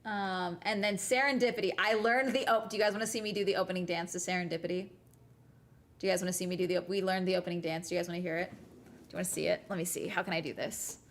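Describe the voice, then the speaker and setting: A woman's voice: on the low side, fairly even intonation, fast talker. A young woman vlogger chatting casually, rambling and giggling with many fillers. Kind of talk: casual chat. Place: at home after a cruise.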